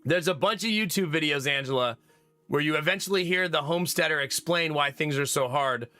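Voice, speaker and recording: A man chatting casually to his live-stream viewers while gaming, talkative and quick to laugh. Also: on the high side, sharp tone, dry recording, faint music behind. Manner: chatty, laughs often, talks to chat. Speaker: game streamer.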